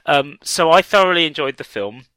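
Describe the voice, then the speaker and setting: Podcast guy, bright voice, lots of ums and restarts, dry close mic. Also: on the high side, lively intonation, moderate pace, no room sound. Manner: thoughtful, hesitant, many fillers and restarts. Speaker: podcast co-host. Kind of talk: casual film discussion.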